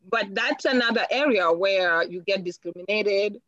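A woman's voice: mid-range voice, unhurried, fairly bright tone, no room sound, highs cut off. A woman from Africa, earnestly and reflectively as an interview guest, often repeating words as she thinks. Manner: earnest, reflective, with frequent repetitions. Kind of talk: personal interview.

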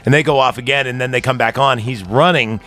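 A man's voice: mid-range voice, fast, fairly bright tone. A man co-hosting a podcast, casually recapping a horror movie with crude jokes. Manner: crude, joking, quotes characters in bits. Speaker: podcast co-host.

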